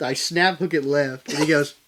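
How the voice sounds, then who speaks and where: A young man co-hosting a casual sports podcast, telling golf stories with animated energy and laughter. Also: fairly high pitch, fairly quick. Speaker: podcast co-host. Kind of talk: casual chat. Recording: loud background noise.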